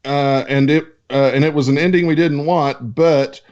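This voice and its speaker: A man co-hosting a casual podcast, reading out listener questions in a loose, joking way. His voice sits a little high. The recording sounds somewhat dull and lo-fi. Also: steady tone, moderate pace, darkish tone. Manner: loose, joking, swearing, stumbles over names.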